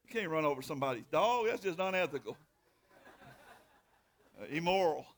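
A middle-aged man, a pastor preaching a sermon in a folksy storytelling way, drawing out scripture readings slowly and bursting into loud hollers. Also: on the high side, lively intonation. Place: church sanctuary.

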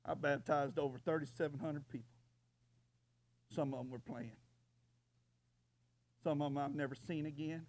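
A man preaching a sermon, moving from quiet storytelling to loud, impassioned preaching. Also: on the high side, fairly even intonation, moderate pace, long pauses, dry recording. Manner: builds from quiet storytelling to shouting. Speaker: pastor.

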